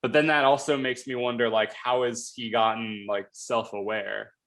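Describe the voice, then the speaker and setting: A man hosts a laid-back episode review, his voice sitting at an ordinary middle pitch. He rambles along at speed, full of fillers and false starts. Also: fairly even intonation, fairly bright tone. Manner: quick, rambling, heavy on fillers and restarts. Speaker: show host reviewing a TV episode. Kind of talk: casual review chat.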